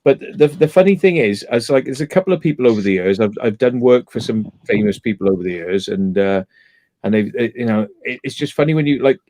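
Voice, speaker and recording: A man's voice: mid-range voice, dark tone, no echo. A man hosting a casual chat, rambling through stories and swearing freely. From England. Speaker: host.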